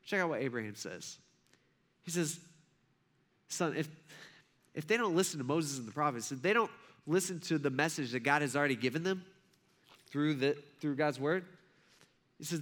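A man's voice: fairly high pitch, animated, moderate pace, pauses often, fairly bright tone. A man in his thirties preaching a sermon, telling a family story in a loose, conversational way full of fillers and restarts. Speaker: pastor.

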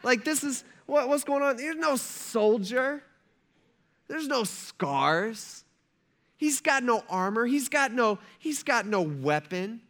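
Male pastor as an exasperated king: high, forceful, exclaiming. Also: sing-song, moderate pace, exaggerated voice. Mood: incredulous. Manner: loud, incredulous, exclamatory. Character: excited, then exasperated grown male king.

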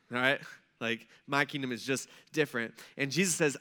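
A man preaching a sermon in a conversational, animated way, acting out the people he tells about. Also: medium pitch, normal speed. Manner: conversational, animated, acts out quotes. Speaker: pastor.

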